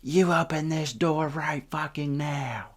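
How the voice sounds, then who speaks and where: A man voicing an enraged middle-aged mother who yells profane threats through a closed door. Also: on the high side, steady tone, moderate pace, pitched above the performer's own voice, natural voice. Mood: furious.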